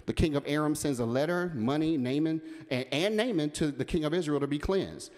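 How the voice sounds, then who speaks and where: A man's voice: on the high side, lively intonation, brisk, darkish tone. A man minister preaching a sermon, with call-and-response and building emphasis. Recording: reverberant church hall.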